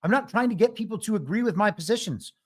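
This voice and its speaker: A man's voice: high-pitched, quick pace, husky. A man hosting a live political commentary show alone, wry and argumentative, often laughing at his own jokes. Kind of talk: live solo commentary stream.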